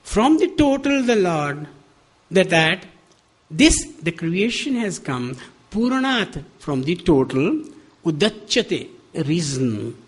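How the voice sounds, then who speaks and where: An older man with an Indian accent, giving a spiritual talk at a devotional center, animated and laughing often as he acts out quoted dialogue. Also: high voice, takes it slowly, husky. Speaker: guest speaker.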